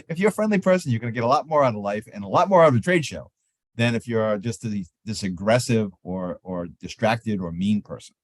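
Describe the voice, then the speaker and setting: Animated man giving trade show advice. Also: on the low side, a little fast, dry recording. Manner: animated, acts out sample exchanges in lively voices. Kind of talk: seminar talk on trade show etiquette.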